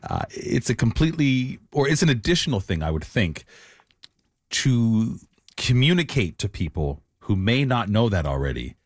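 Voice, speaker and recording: A man hosting an interview, asking questions in a thoughtful, halting way with frequent restarts. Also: on the low side, very animated, dry recording, clean studio sound. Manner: hesitant, many restarts and fillers. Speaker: interview host. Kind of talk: conversational interview.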